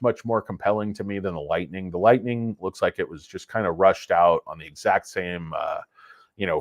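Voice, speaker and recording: A lower-pitched man hosts a loose livestream, chatting with viewers in a rambling, jokey way. He sounds stuffy from a head cold. The sound is dry and close, from a clip-on lapel mic. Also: no room sound. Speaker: livestream host. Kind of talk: casual livestream commentary. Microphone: cheap lapel microphone.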